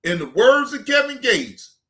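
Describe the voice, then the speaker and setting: A man hosting a casual reaction stream, ranting in an animated, emphatic and joking way. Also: extremely high pitch, unhurried. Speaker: streamer host.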